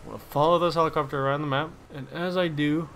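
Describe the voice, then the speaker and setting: A young man giving casual gaming commentary, swearing freely, laughing and reacting loudly to the game. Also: fairly high pitch, fairly even intonation, fast, a little hiss or hum. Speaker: gameplay commentator.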